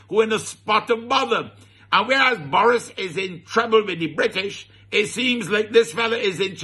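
A radio comedy commentator with a Barbadian accent delivers satirical commentary in a high, pushed, bright and slightly rough voice. He chuckles, sounds mock-scandalized, and draws out his words.

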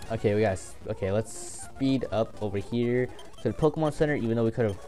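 A young man with an ordinary middle-pitched voice gives loose, excitable gameplay commentary, swearing freely and cracking jokes to himself. Faint game music plays beneath his casual talk.

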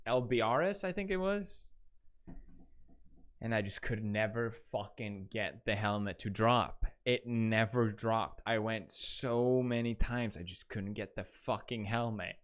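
A man's voice: on the low side, fairly bright tone. A man livestreamer chatting casually, laughing often and swearing now and then. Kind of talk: casual live-stream chat.

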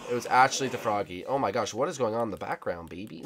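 A young man hosting a gaming channel, giving excitable, teasing commentary with sudden shouts. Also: mid-range voice, quick pace, few pauses, a little hiss or hum. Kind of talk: casual game commentary.

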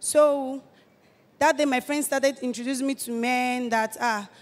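An eighteen-year-old woman with a Nigerian accent gives a halting personal testimony, often restarting her phrases. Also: sits high, steady tone, long reverb tail. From Delta State, Nigeria. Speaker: testifying church guest.

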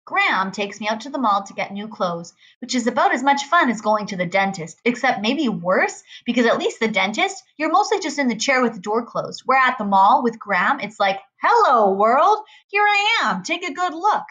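A woman's voice: fairly high pitch, animated, a little fast, few pauses, fairly bright tone. A woman reading a novel aloud in a casual, conversational first-person narration. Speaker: reader.

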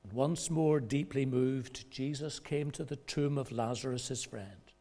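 Slow, mellow-voiced male preacher. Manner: measured preaching with dramatic pauses; rises in pitch and loudness when quoting voices. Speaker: pastor. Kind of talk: sermon. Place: church.

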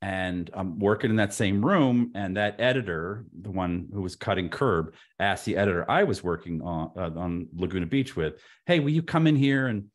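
A man in his fifties, a podcast guest telling an anecdote in an animated way, with frequent stammered restarts. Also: deep voice, moderate pace, hardly any pauses. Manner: stammering restarts, lively and expressive.

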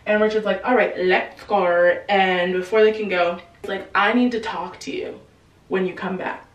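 A woman's voice: mid-range voice, roomy sound, recorded from a distance, low-quality recording. Chatty woman recapping a novel. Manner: chatty, slangy, acts out characters' lines in quick asides. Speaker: book explainer. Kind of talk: casual book recap.

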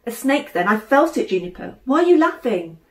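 A woman voicing an indignant, excitable young boy in a storybook reading. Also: medium pitch, fairly quick, distant mic, close to an everyday voice. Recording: roomy room echo.

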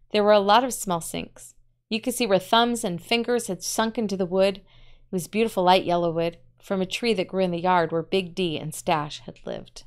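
A woman teacher reads a story aloud in a smooth, clear voice of middle pitch. She tells it in a measured way and breaks off now and then to explain a point to the class. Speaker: literature teacher.

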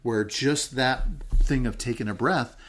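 A man co-hosting a casual podcast chat, explaining his ideas through work stories. Now and then he slows right down into a low, calm, downward-falling voice to show it off. His voice sits at an ordinary pitch for a man. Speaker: podcast co-host.

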